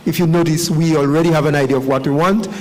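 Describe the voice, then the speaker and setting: A man speaking as an official at a press briefing, his tone formal and measured. His voice sits a little higher than most men's. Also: fairly even intonation, rough recording. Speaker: education official.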